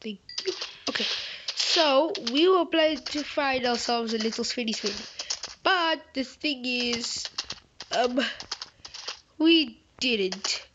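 A woman's voice: high voice, expressive, slow pace, long pauses. A woman host giving rambling, playful, chatty commentary while she plays a game. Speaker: gaming channel host. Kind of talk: gameplay commentary. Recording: slightly muffled with faint hiss.

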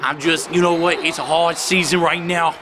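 Young dude hamming up a country drawl, kinda high voice, crowd noise. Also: male voice, steady tone, normal speed. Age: young adult. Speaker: co-commentator. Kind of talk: comedic banter.

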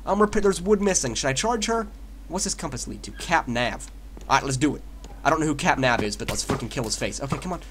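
A young man giving excited gameplay commentary, trash-talking opponents and laughing at his own confusion. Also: on the high side, fast talker, slight background noise. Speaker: gaming YouTuber.

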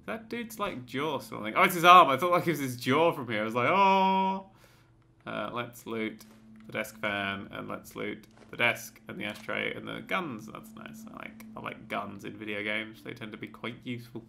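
A man's voice: lowish voice, moderate pace, vocal fry, bright, forceful tone. A man hosting a let's play, talking through the game with jokey, sweary, rambling asides. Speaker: gaming channel host.

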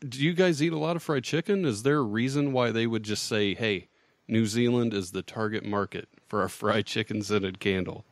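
A man's voice: on the low side, normal speed, no echo. A man hosting a podcast, asking his guest curious questions in a casual, easy-laughing way. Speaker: podcast host.

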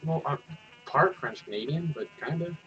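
A man's voice: on the high side, expressive, moderate pace, sharp tone, muffled recording, faint music behind. A man with a Michigan accent, teasing his friends in a casual gaming chat. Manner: wry, teasing banter.

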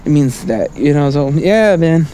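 A man with a fairly high, warm voice speaks animatedly at a measured pace, with slight background noise. He's vlogging on a city street at night, rambling casually through his thoughts and repeatedly asking "right?" and "you know?" while chuckling between them.

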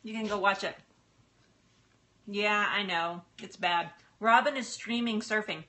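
Bright-voiced woman chatting while cooking. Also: mid-range voice, a little slow. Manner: chatty, laughs often, apologetic, stalls with fillers. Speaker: livestream cooking host and health coach. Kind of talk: casual live-stream chat while cooking. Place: home kitchen.

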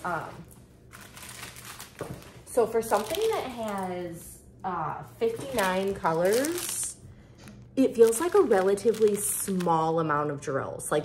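Gushing woman with a lively voice. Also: on the low side, gravelly, background noise. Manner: bubbly, gushing excitement with fillers. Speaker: craft vlogger. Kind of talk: casual unboxing chat.

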